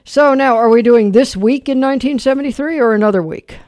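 A man's voice: very high-pitched, brisk, a little mellow, no room sound, clean studio sound. An older man hosting a call-in oldies quiz on the radio, telling stories and quizzing callers with a laugh. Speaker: radio host. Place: radio studio. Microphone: studio microphone.

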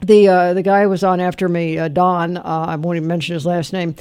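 A man's voice: high-pitched, level tone, brisk, darkish tone, clear, resonant tone, no room sound. Older male radio host, chatty quiz-master, close dry studio mic. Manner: chatty, laughing storyteller, quizzing callers. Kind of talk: call-in oldies quiz show. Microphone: studio microphone.

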